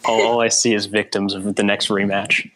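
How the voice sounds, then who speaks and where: Wry jokey man with a bright voice. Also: lowish voice, flat delivery, moderate pace, rough recording. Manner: wry, playful jokester. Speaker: podcast guest. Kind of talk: casual group voice chat.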